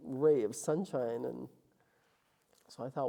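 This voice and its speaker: A deep-voiced woman from Calgary, Canada, guests on an interview and tells her story casually at a moderate pace. She's animated, acting out the quoted lines of the people involved.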